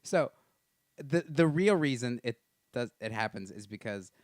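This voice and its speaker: A man's voice: mid-range voice, lively intonation, unhurried, no room sound, studio quality. A man co-hosting a casual podcast chat, joking around and slipping into silly voices. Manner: jokey, does silly voices.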